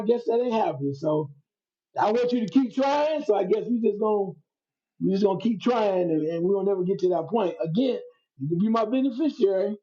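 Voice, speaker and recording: A man co-hosting a casual podcast chat, ranting loudly and laughing as he talks. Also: high-pitched, muffled recording. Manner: animated, loud ranting with laughter. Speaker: podcast co-host.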